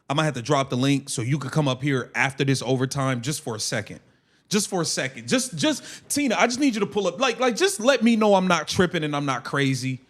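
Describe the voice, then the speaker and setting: Guy with a high voice yelling and cussing on a live stream, pitch all over the place. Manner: angry, profane, shouting rants. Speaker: livestream host. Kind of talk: live game watch-along rant.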